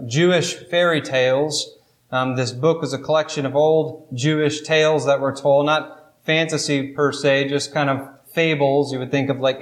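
High-voiced preacher in a roomy echo. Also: male voice. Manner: storytelling, rising in pitch and emphasis as he builds. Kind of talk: sermon.

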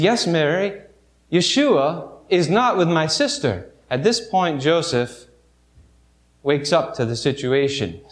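A man preaching a sermon, retelling a Bible story vividly with halting restarts and soft asides. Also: a little high.

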